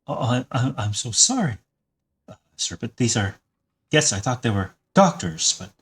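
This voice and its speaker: A man's voice: medium pitch, big pitch swings, moderate pace, fairly bright tone, husky, voice pushed up, full character voice. A man voicing a worried young village boy who stammers and pleads. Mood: anxious.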